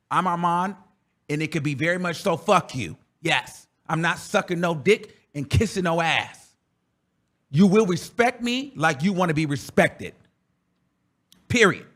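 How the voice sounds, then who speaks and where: A man's voice: on the high side, a bit bright. A man hosting a reaction show, ranting in a profane, confrontational and emphatic way. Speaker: commentary host. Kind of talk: heated reaction commentary.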